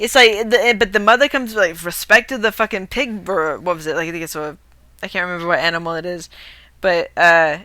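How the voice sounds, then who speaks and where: A woman's voice: mid-range voice, bright, forceful tone, clean tone, no echo. A woman streamer reading a grim fairy tale aloud, often breaking off to swear and rant about it. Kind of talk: casual story reading with commentary.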